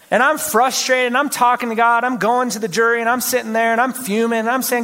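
A man preaching a sermon as pastor, telling stories with animated, rising exclamations. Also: very high-pitched, moderate pace. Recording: long hall reverb.

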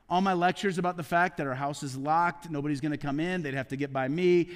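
Middle-aged pastor guy preaching, highish voice, dips real soft n low sometimes, long church echo. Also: brisk, hardly any pauses, smooth. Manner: preaching with sudden drops to a low hushed voice. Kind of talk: sermon. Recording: long hall reverb.

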